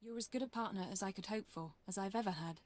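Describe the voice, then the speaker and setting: A woman voicing a calm, businesslike female intelligence officer in video game dialogue. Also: medium pitch, fast talker, dry recording, close to an everyday voice. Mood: earnest.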